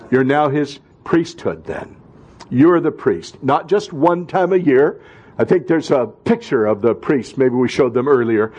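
A male pastor preaching a sermon, rising into emphatic calls and dropping to quiet asides. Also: medium pitch, slightly rough.

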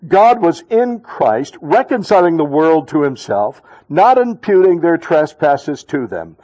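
A man's voice: a little high, sing-song, a little slow, poor audio. Earnest male pastor preaching a sermon. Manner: earnest, swings between hushed and rousing call-and-response. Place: church sanctuary.

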